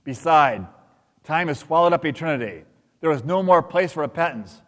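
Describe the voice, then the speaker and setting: Man playing a stern angel of judgment, archaic solemn speech, slightly high voice, long hall echo. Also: lively intonation, moderate pace, fairly bright tone. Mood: rebuking.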